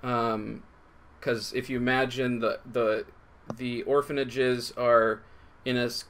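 A man's voice: medium pitch, little pitch movement, a bit bright, a little hiss or hum. Guy running a tabletop game, lots of ums and restarts. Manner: halting, with many fillers and restarts. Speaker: game master.

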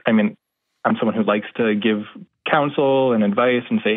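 A man's voice: lowish voice, fairly even intonation, normal speed, no echo. A man in his twenties calling an advice show, hesitant and thoughtful, with many fillers. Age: 20s. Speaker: caller. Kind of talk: call-in conversation. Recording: tinny phone line.

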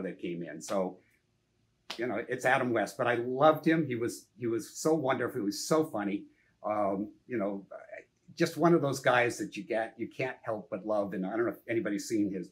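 An older man, a film director, telling anecdotes in a casual interview, lively and full of "you know" and the odd curse. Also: fairly low pitch. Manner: animated, anecdotal, frequent "you know", some swearing.

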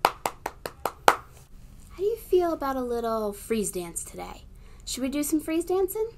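A librarian reading a picture book aloud to young children and leading them in a game. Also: female voice, high-pitched, very animated, takes it slowly, heavy background noise. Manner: warm, encouraging, talks to young kids.

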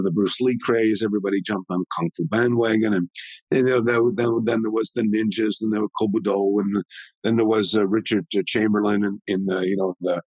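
A man in his sixties, a martial arts historian telling stories as an interview guest in an animated, rambling way. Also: on the low side, breathy edge, no echo, low-quality recording. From Canada. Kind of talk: conversational storytelling.

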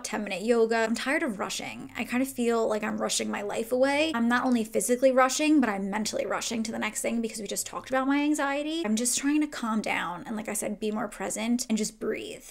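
Chatty young woman with a gravelly edge. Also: fairly high pitch. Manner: chatty, rambling, peppered with "like". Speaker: beauty vlogger. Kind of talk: casual chat while doing makeup. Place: home, getting ready.

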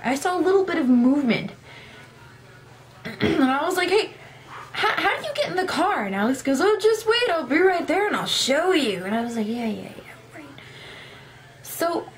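A woman's voice: high voice, a little hiss or hum. A young woman telling a rambling, self-deprecating story in a casual vlog, acting out her own past lines. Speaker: gaming vlogger.

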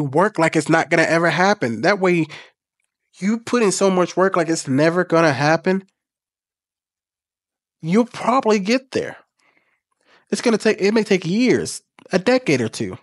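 Blunt, profane man with a higher voice. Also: dry recording, clean studio sound. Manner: emphatic, rising to forceful peaks. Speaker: YouTube commentator. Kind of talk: reaction commentary.

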